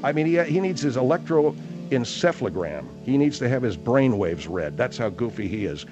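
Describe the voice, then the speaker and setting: Casting: male talk radio host, wry and mocking, mid-pitched, faint music behind. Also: very animated, muffled recording. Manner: wry, mocking, drawn-out asides.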